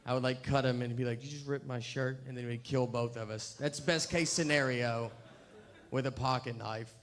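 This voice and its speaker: A man performs stand-up in an unhurried, deadpan drawl. He drifts through long, self-mocking stories, trailing off and restarting as he goes. His voice sits at an ordinary, middle pitch for a man. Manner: deadpan, rambling storytelling with self-deprecating asides. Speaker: stand-up comedian. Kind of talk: stand-up comedy.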